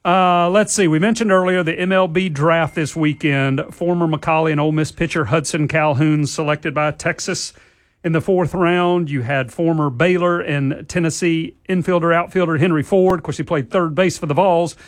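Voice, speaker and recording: A man's voice: a little high, steady tone, normal speed, dry recording, studio quality. A man hosting a casual sports talk show, reading the headlines and chuckling at his own slips. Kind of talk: casual sports radio chat.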